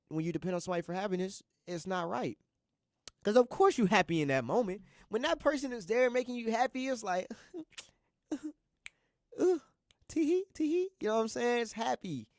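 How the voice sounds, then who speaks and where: Rambling young man with a higher voice. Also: darkish tone, clean tone, no room sound, clean studio sound. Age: young adult. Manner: rambling, earnest, repeats himself, uses slang like "bruh" and "you feel me". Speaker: college radio host; student. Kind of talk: casual motivational monologue.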